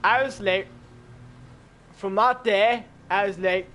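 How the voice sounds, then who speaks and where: A man telling a story in a casual, profane, animated way while gaming with friends. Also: high-pitched, takes it slowly.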